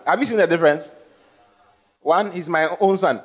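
High-pitched and fairly quick, this man's slightly rough voice pauses often. He's a pastor delivering an emphatic call-and-response sermon, building up to stressed phrases and frequently questioning the congregation for replies.

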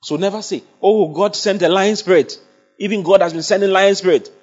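A man's voice: high voice, brisk, a little mellow, faint music behind. A man preaching a sermon, emphatic and often checking that his congregation follows. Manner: emphatic, asks the congregation for assent. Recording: dull lo-fi sound.

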